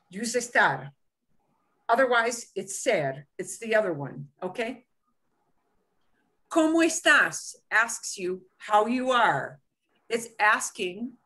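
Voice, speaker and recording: A woman teaching a beginner Spanish lesson, slowing down to stress words and checking in with "okay?" often. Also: fairly high pitch, sharp tone.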